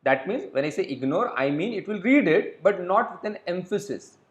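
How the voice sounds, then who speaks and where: A man's voice: sits high, lively intonation, echoey room, muffled recording. A man teaching a recorded web development lesson, explaining step by step and often checking in with "okay?". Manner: explains slowly, repeats points and checks in with "okay?". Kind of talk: recorded coding lecture.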